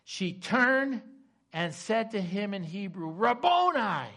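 A preacher man with a fairly high voice delivers a sermon and retells a scripture story with drama. He moves between loud emphasis and soft, hushed asides. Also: animated, slow. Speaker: pastor.

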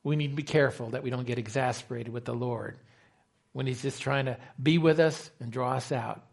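A man preaching a sermon as pastor, animated and acting out the quoted dialogue. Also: mid-range voice, a little fast, vocal fry.

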